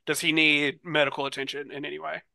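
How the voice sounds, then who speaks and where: A man's voice: on the high side, level tone, fast talker, gravelly, sharp tone, no echo. A man playing in a tabletop role-playing game, thinking aloud with many ums and likes. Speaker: player. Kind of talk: casual tabletop role-play.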